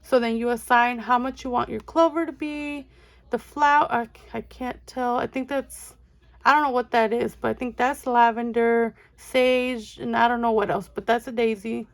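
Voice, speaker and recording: A woman's voice: a little high, moderate pace. A young woman, chatting casually and gushing as she shows off giveaway items to her viewers. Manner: gushing, excitable, calls viewers friends. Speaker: budgeting channel host. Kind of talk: casual unboxing chat.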